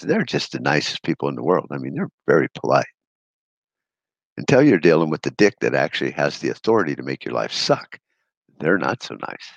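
Man, very deep voice, gravelly, blunt profane rant, sarcastic, dry close recording. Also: no room sound. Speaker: podcast host. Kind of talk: solo podcast rant.

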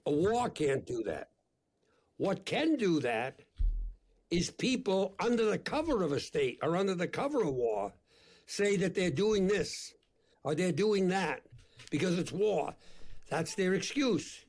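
An older man, a priest, speaking as an interview guest in an emphatic, deliberate, preacherly way. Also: sits high, sing-song, darkish tone.

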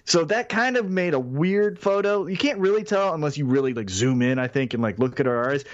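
A man's voice: fairly high pitch, brisk, no echo, lo-fi sound. A man co-hosting a podcast who tells a story in casual chat, acting out the quotes and swearing freely. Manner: animated, swearing, acts out quotes. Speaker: podcast co-host.

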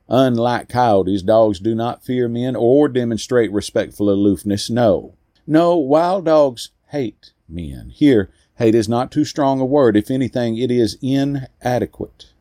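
A man narrating a first-person story in a slow, deliberate way with weighty pauses. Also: mid-range voice, mellow, dry recording, studio quality.

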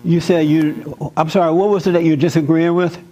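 A man's voice: on the high side, fairly even intonation, a little fast, dark tone, slight background noise, low-quality recording. Earnest man teaching a faith group. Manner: earnest, repetitive, coaxing. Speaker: spiritual teacher leading a group. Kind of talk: interactive sermon with audience questions.

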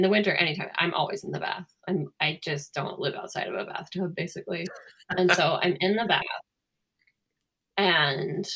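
A woman's voice: fairly low pitch, slightly rough. A young woman co-hosting a podcast in casual chat, telling a story and acting out the quotes. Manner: animated storytelling, acts out quotes. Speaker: podcast co-host.

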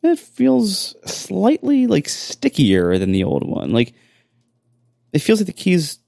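A man with an ordinary mid-range voice talks on a podcast, pausing and searching for his words. His speech is casual and unhurried. The recording is dry and close. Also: medium pitch, huge pitch swings, vocal fry, darkish tone, no echo.

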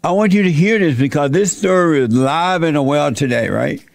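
A man's voice: on the high side, normal speed, creaky, no room sound, clean studio sound. A man hosting his show and retelling a Bible story in a folksy, plainspoken sermon style. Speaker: host and preacher.

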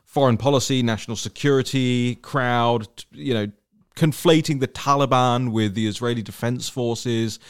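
A man hosting a casual political podcast. He talks in an animated, joking way and speeds up in rapid bursts. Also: medium pitch, clean tone. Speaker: podcast host.

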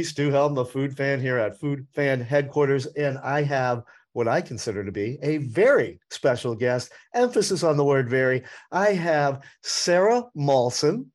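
Chatty upbeat man hosting a food show. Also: medium pitch. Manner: upbeat, chatty, playful emphasis. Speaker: podcast and radio host. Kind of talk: casual interview chat.

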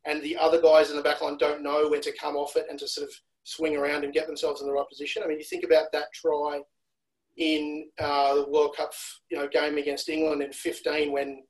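Male analyst guest from Australia, casual podcast chat, slightly raised pitch, analytical delivery. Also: monotone, brisk, low-quality recording. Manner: analytical, repeats words when restarting.

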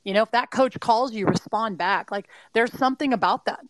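A woman's voice: on the high side, brisk, no echo, rough recording. A middle-aged woman from California, an interview guest giving earnest, emphatic mindset advice to athletes, full of "you know" fillers. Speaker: mindset and performance adviser. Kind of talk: interview guest, motivational talk.

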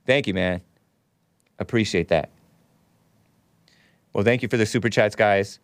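A man's voice: lowish voice, unhurried, pauses often, clear, resonant tone, no room sound. A man hosting a call-in show, talking in a rambling way that often breaks off and laughs. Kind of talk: casual call-in talk.

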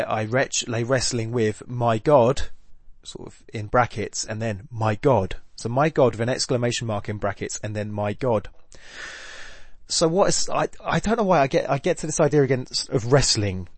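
A man's voice: medium pitch, dry recording. A man hosting a poetry podcast, talking through a sonnet in a casual, rambling way, correcting himself as he goes. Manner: rambling, self-correcting, with filler ums and restarts. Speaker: podcast host analysing poetry. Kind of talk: casual spoken analysis, thinking aloud.

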